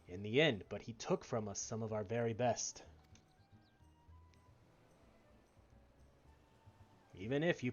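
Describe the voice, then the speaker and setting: A man voicing a skeptical guard captain in a game, speaking in a stern, curt, measured way in a dull lo-fi recording. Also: mid-range voice, lightly acted. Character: gruff skeptical male guard captain, blunt. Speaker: streamer reading game dialogue.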